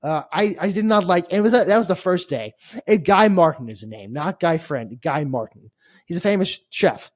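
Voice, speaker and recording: A man tells a long-winded travel story on a casual podcast. He rambles and restarts, wry and a little exasperated, and his voice sits a bit high for a man. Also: animated, normal speed, no echo, studio quality. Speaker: podcast co-host. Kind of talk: casual chat.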